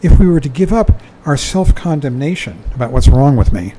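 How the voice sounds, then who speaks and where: This older man gives a dharma talk, reading from a book and commenting in a chatty way, chuckling and saying "you know" a lot. His mellow mid-range voice swings widely in pitch at a moderate pace, in a slightly rough, low-quality recording.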